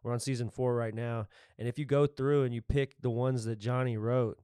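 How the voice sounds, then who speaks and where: A man co-hosting a podcast in casual chat, talking quickly and eagerly like a fan. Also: medium pitch, fairly even intonation, warm tone, clean tone, no echo. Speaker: podcast co-host.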